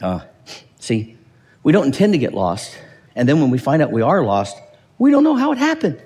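A man's voice: medium pitch, moderate pace, long reverb tail. A man preaching a sermon in church, acting out quoted voices and asking his listeners questions. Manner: animated, acts out quoted voices, asks the audience questions. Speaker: pastor.

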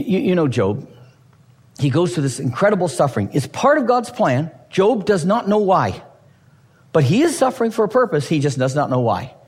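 A man's voice: on the high side, a little mellow, breathy edge, long reverb tail. A man preaching a sermon with humor and energy, acting out the voices of Bible figures as he explains the scripture. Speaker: pastor.

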